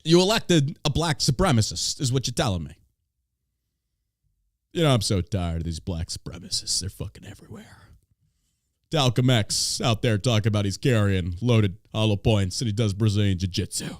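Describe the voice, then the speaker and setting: A man's voice: fairly low pitch, lively intonation, normal speed, no room sound, clean studio sound. A man hosting a podcast, ranting in casual chat with a profane, sarcastic, mocking manner. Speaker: podcast host.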